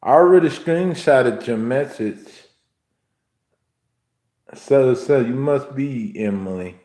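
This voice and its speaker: A man's voice: mid-range voice, takes it slowly, a little mellow, roomy sound. A young man hosting a livestream, indignantly scolding a viewer in the chat with repeated questions. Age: young adult. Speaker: livestream host.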